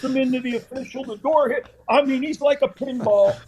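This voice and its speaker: A man's voice: very high voice, normal speed, hardly any pauses. An older man, a former football coach and guest on the show, telling stories casually and acting out the scenes. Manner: animated storyteller, acts out scenes. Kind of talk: casual anecdotal storytelling.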